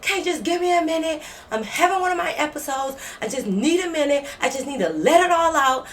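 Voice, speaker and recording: A woman's voice: sits high, lively intonation, brisk, fairly bright tone, a little hiss or hum, pitched above the performer's own voice. A woman voicing an erratic, moody young female college roommate who whines and stutters through her outbursts. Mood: distressed.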